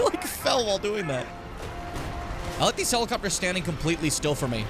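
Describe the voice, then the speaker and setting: A young man streaming a game, his high voice swinging wildly up and down as he whoops at the screen. He curses, laughs and shouts taunts at enemies, with game music playing clearly behind him. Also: big pitch swings, moderate pace, pauses often. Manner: loud, profane, laughing outbursts and shouted taunts. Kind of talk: live gameplay commentary.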